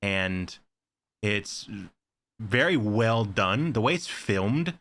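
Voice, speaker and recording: A man on a casual podcast, rambling through a story with filler words everywhere. His voice sits a bit low but has a bright, forward edge. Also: expressive, extremely slow. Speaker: podcast co-host. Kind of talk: casual chat.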